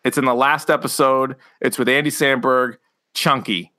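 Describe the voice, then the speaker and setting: A man co-hosting a podcast in casual chat, excited, laughing often and acting out quotes. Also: mid-range voice, moderate pace. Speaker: podcast co-host.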